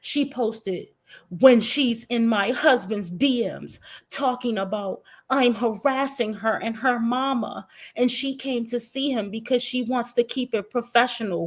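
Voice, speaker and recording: A woman streamer reacting to posts in a brash, profane, mocking way. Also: a little high. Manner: slow-paced, drawn-out. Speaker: commentary streamer. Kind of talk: reaction commentary.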